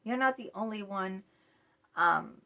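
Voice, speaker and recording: A woman's voice: medium pitch, measured pace, sharp tone, highs cut off. A woman talking earnestly to camera as a self-help vlogger, sharing a confessional account in plain, repetitive phrases. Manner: earnest, repeats phrases, speaks straight to viewers. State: voice tight, choked up.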